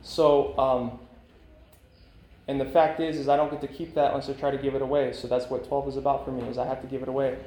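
A man's voice: medium pitch, flat delivery, fast talker, mellow, slight background noise. A man in his thirties speaking at a recovery meeting, candid and rambling with many fillers. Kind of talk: personal recovery talk. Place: meeting room. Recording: echoey room, faint ambience.

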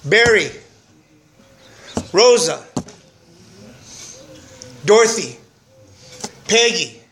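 Middle-aged man, raspy and high-pitched, giving an earnest, streetwise, profane testimony at a meeting. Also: bright, forceful tone, slight background noise. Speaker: speaker sharing his recovery story at a meeting. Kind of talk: personal testimony, casual storytelling. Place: meeting room.

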